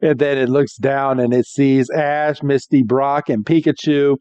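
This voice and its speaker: A man's voice: mid-range voice, fairly even intonation, measured pace, warm tone, clean tone, dry recording. A man hosting a podcast, casually recapping an episode in a rambling way with many restarts. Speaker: podcast host. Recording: dull dry lo-fi.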